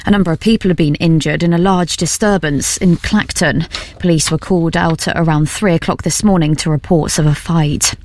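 A woman reads a scripted news bulletin in a measured, formal voice. Her voice sits a little low. The studio sound is dry and close. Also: fairly even intonation, a little mellow, dry recording. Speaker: newsreader.

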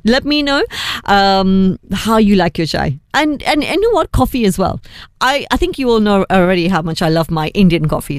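A woman's voice: mid-range voice, dry recording. A woman hosting a breakfast radio show, chatty and laughing easily, mixing Hindi words into her talk. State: voice going a bit. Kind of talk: casual radio presenting. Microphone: studio microphone.

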